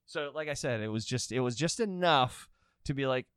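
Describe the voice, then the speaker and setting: A man hosting a podcast, telling a story in casual chat, animated and swearing freely. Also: medium pitch, moderate pace, smooth, no room sound, clean studio sound. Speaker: podcast host.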